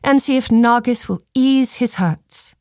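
Woman doing a cold, imperious queen, slow, dry. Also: on the high side, darkish tone, no echo, pitched above the performer's own voice. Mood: commanding. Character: cold, commanding mounted queen.

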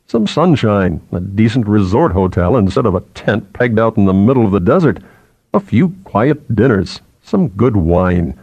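A man's voice: fairly low pitch, sing-song, moderate pace, darkish tone, husky, exaggerated voice. A man doing a stolid, awkward male colleague. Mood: coaxing. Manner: stolid, clumsy. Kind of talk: audiobook character voice.

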